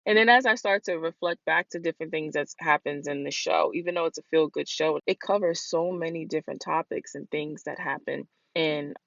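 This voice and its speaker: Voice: mid-range voice, a little fast, vocal fry, few pauses, fairly bright tone. A solo podcast host talks in a loose, rambling way, often circling back with "like" and "you know". The sound is dull and muffled, with no room echo at all. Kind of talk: casual solo podcast monologue.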